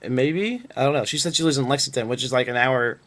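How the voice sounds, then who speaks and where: A man's voice: mid-range voice, fast, fairly bright tone. Young guy from Northern Kentucky, casual webcam storyteller, loose and rambling. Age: young adult. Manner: rambling, filler-heavy, laid-back. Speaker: vlogger.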